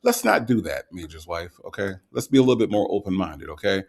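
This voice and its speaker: A man hosting a livestream, reading out viewer comments and greeting each viewer in a relaxed, casual way with lots of ums, a little tired from the night before. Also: low voice, fast, gravelly. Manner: relaxed, greets viewers with repeated hellos, frequent ums and uhs.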